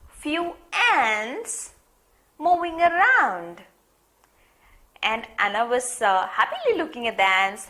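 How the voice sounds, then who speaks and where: Slow, lively woman teaching phonics. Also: mid-range voice. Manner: slow, lively storytelling with sound demonstrations.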